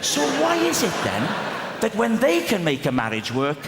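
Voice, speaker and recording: High, lively male stand-up comic. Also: normal speed, noisy background. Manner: playful, teasing the audience. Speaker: stand-up comedian. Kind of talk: stand-up comedy. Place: large theatre stage. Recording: echoey theatre hall with loud crowd.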